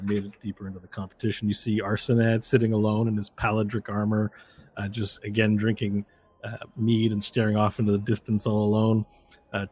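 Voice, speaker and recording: A man's voice: fairly low pitch, darkish tone, slight background noise. A man narrating as game master of a tabletop game, rambling with many fillers.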